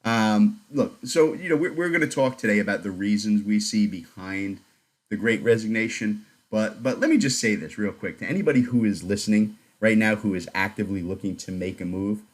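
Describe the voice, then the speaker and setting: A man's voice: on the low side, animated, brisk. A man hosting a podcast, chatting casually in a joking, blunt way. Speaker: podcast host.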